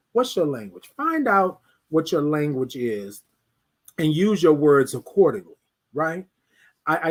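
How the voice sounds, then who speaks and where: A man with a high, husky voice hosts a live stream from his home. His pitch swings widely as he preaches, circling back to the same rhetorical questions again and again. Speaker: host of a live talk stream. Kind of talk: motivational live-stream talk.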